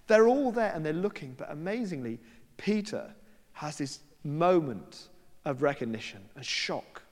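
Male preacher, chatty storyteller, lively swooping delivery, church hall reverb. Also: on the high side, normal speed. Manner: conversational storytelling with quoted voices and asides. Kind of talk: sermon.

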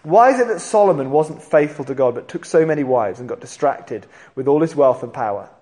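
A man preaching a sermon, telling the story in an animated way and acting out the voices of the people in it. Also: fairly high pitch, a little fast. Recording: long hall reverb.

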